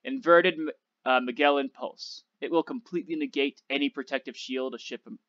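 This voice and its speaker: A clipped, commanding old flight instructor with a sarcastic edge, voiced by a man reading aloud. His voice sits at an ordinary middle pitch. The recording is dull and dry, with no room sound. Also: fairly quick, a bit bright, dry recording, close to an everyday voice. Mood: instructing.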